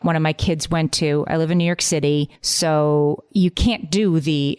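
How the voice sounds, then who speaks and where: Low-voiced woman with dry wit. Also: fairly even intonation, a little slow, few pauses, smooth, dry recording. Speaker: podcast co-host. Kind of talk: casual chat.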